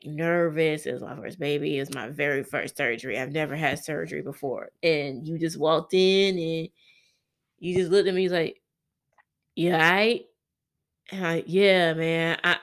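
Hesitant woman with a low, gravelly voice. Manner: hesitant, reflective, explains with examples. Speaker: wife in a couple's vlog. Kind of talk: casual chat.

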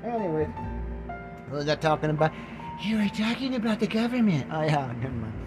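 A man's voice: a little high, animated, a little fast, music in the background, poor audio. A man hosting his own podcast, rambling casually in a joking, self-mocking way. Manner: joking, self-mocking, jumps into put-on voices. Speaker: podcast host.

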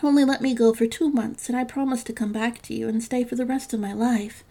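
A woman voicing a kind, earnest young heroine who speaks softly in a fairytale reading. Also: on the high side, fairly even intonation, brisk. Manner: soft, earnest.

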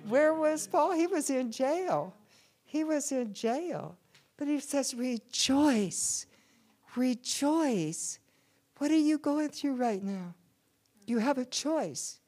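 A woman's voice: sits high, lively intonation, slow, dark tone. A woman preaching a sermon in church, calling on the congregation to answer back. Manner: call-and-response preaching to a congregation.

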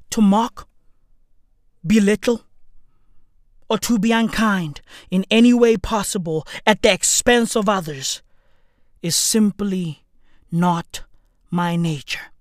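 A woman giving a sarcastic, mock-solemn commentary rant, full of slang and profanity, that swings to sudden shouts. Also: medium pitch, takes it slowly, pauses often, dry recording, clean studio sound. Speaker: online commentator.

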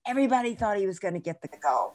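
A woman's voice: medium pitch, sing-song, rapid-fire, darkish tone. A woman guest in an interview, telling a long story in a chatty, digressive way and correcting herself as she goes.

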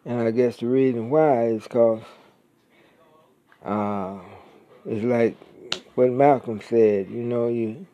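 A man delivering an angry, profane monologue as a podcaster, blunt and mocking, leaning hard on drawn-out words. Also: medium pitch, dull audio.

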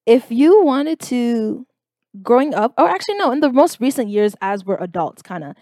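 A young woman telling a story in a casual vlog, animated and exasperated, with lots of filler words. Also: fairly high pitch, moderate pace, no echo, clean studio sound. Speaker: vlogger.

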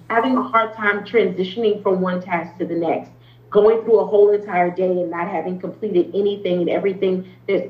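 Woman therapist chatting as a guest, lots of ums and restarts, kinda echoey, a bit muffled. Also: lowish voice. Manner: earnest, explains at length with frequent ums and restarts. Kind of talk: conversational interview talk. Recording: roomy, slightly dull sound.

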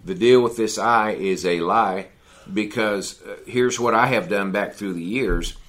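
A man's voice: lowish voice, unhurried, fairly bright tone. A man teaching a men's Bible study in a folksy, conversational sermon style, often adding "you know" and "see".

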